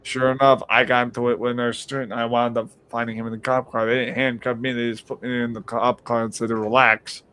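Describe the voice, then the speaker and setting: Male podcast host, mid-pitched, chatty storyteller, profane and animated. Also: fast talker, few pauses, smooth. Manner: animated, profane, acts out quoted voices. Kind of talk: casual storytelling on a live stream.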